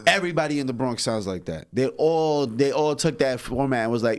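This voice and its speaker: A man talks fast and loose on a podcast, trading casual banter with his co-host. When a point gets him going, his voice climbs and gets louder. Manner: animated, swears freely, voice rises high when he gets worked up. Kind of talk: casual chat.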